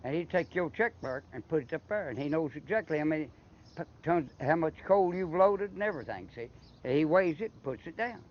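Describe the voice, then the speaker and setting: A man's voice: fairly high pitch, expressive, fairly quick. An older man with an Appalachian accent, telling long rambling stories and often restarting his words. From Eastern Kentucky. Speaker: interviewee. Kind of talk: casual storytelling. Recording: slightly muffled with faint background noise.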